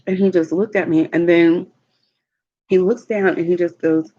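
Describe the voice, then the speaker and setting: A woman, a mother, telling stories in a relaxed, chatty way while eating on a livestream vlog. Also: lowish voice, dull audio. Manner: slow, chatty storytelling with laughs. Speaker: mukbang vlogger. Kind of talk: casual chat while eating. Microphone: livestream mic.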